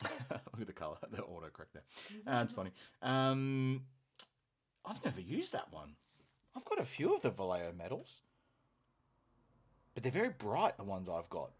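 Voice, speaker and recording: A man's voice: medium pitch, huge pitch swings, normal speed, long pauses, husky. An Australian man hosting a hobby painting stream, chatting casually and enthusiastically with plenty of fillers. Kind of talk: casual live-stream chat while painting.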